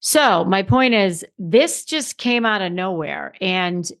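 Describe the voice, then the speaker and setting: A woman's voice: medium pitch, expressive, slow pace. A middle-aged woman hosting her own podcast as a confidence coach, talking to listeners in a conversational, emphatic way and often restarting her sentences. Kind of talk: solo podcast monologue.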